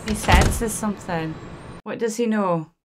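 A woman's voice: medium pitch, a little slow, very noisy. Emotional woman reacting to a film. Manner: emotional, talks to the screen. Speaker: movie reaction host. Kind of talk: casual reaction commentary. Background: film soundtrack music.

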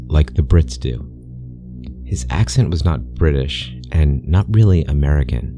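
A man narrating a scary story in a grave, deliberate scripted style. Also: rumbling low, expressive. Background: background music.

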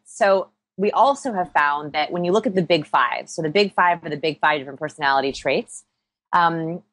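A woman's voice: on the low side, fairly bright tone, no room sound. A woman guest in a conversational interview, explaining with upbeat energy and self-deprecating humor. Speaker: interview guest, people-skills researcher.

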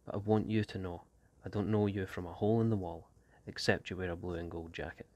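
Guy reading a jumpy teen gang kid, street slang, gravelly low voice. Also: fairly even intonation, fast talker, mellow, no echo, muffled recording. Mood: guarded. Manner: slangy street talk, guarded and restless. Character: tough teenage street gang boy, wary.

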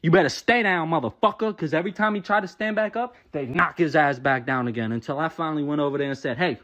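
A man telling a profane comic rant to camera, animated and cursing freely. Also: on the high side, quick pace. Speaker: comedian.

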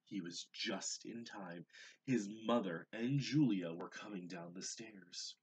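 A man teacher reading a picture book aloud to young children, gentle and expressive, adding asides about the pictures. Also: lowish voice, slow, a little hiss or hum. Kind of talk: read-aloud storytelling.

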